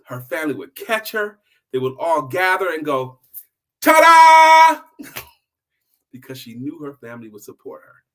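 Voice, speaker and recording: Animated older man telling a story. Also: medium pitch, brisk. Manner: animated, playful, shouts exclamations. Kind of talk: children's storytelling.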